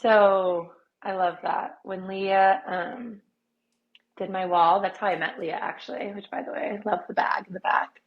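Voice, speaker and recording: A woman's voice: mid-range voice, steady tone, unhurried, dull audio. A woman guest in a casual podcast chat, rambling with constant filler words. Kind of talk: casual conversation.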